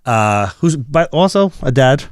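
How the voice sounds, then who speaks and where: Man, podcast host, lively pitch, joking, casual chat, dry close sound. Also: measured pace, clean tone, dry recording. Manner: animated and joking, laughs often.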